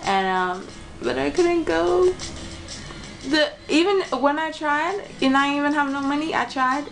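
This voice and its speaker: A woman's voice: high voice, unhurried, vocal fry, a bit bright. A young woman reacting to a music video in a casual vlog, chatty and rambling, gushing and giggling like a fan.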